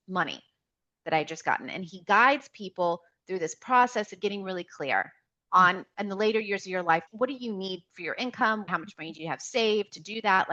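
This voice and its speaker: A woman, a podcast guest, telling a personal story in an animated, emotional way, often restarting her sentences. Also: medium pitch, lo-fi sound. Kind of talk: personal storytelling in a conversational interview.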